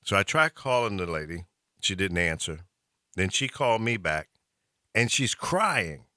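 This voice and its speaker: Animated, bright-voiced male talk host. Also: sits low, unhurried, dry recording, studio quality. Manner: animated, chuckling storyteller. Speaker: radio talk show host. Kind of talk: casual storytelling chat.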